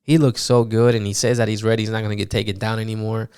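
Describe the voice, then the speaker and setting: A man recapping fights on his podcast in a loose, animated monologue, swearing often and full of fillers. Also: lowish voice, quick pace, clear, resonant tone, dry recording, studio quality. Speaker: podcast host.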